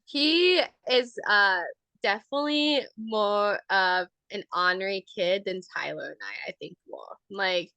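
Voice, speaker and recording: A woman's voice: mid-range voice, a little slow, gravelly, pushed and bright, clean tone, no room sound. A young woman co-hosting a podcast, chatting casually and laughing often, with plenty of fillers. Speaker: podcast co-host. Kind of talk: casual chat.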